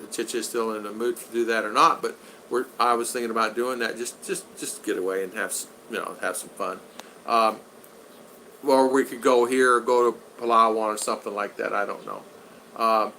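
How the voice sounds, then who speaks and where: An older man hosts a live stream, rambling loosely, reading the chat, and greeting viewers by name. His mid-range voice is bright and forceful, but the audio is poor, with a little hiss or hum.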